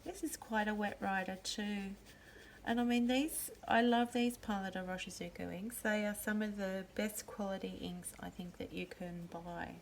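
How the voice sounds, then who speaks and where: A woman hosting a pen and ink video, calmly naming each pen and ink as she shows them. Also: medium pitch, vocal fry, a little hiss or hum. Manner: gentle, unhurried, pausing to name each pen. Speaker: pen and ink channel host. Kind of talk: slow show-and-tell narration.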